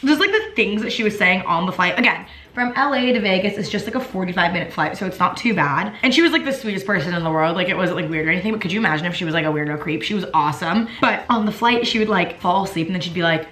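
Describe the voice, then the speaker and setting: A young woman chats through her makeup routine in a rambling, filler-heavy way, swearing freely. She talks fast in a bright voice. The sound is a little roomy and echoey. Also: on the low side. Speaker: beauty vlogger. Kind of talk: casual chat while doing makeup. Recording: roomy echo.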